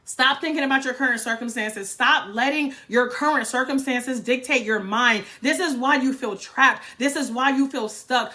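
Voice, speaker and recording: A woman's voice: high-pitched, normal speed, few pauses, sharp tone. A woman, giving a blunt, fired-up motivational livestream talk and swearing freely. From North Carolina, US. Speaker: livestream host.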